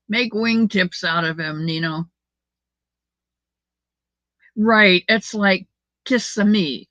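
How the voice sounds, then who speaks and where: At home on a casual livestream, an older woman takes her time reading comments aloud and chatting affectionately with viewers. Her medium-pitched voice is a bit bright, and the lo-fi recording sounds dull and dry, without echo.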